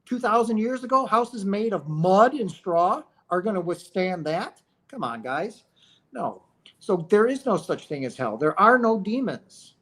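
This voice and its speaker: A man's voice: high-pitched, big pitch swings, measured pace, a bit bright. Emphatic, preachy man streaming a monologue. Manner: emphatic and preachy, full of rhetorical questions; says "right?" and "guys" often. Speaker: streamer talking about near-death experiences. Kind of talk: spiritual livestream monologue.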